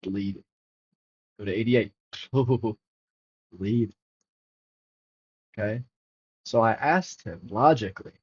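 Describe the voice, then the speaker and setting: A man hosting a crypto livestream, talking casually and excitably over charts and swearing freely to his chat. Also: on the low side, takes it slowly, long pauses, husky. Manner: profane, excitable, talks to chat. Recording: dull lo-fi stream audio.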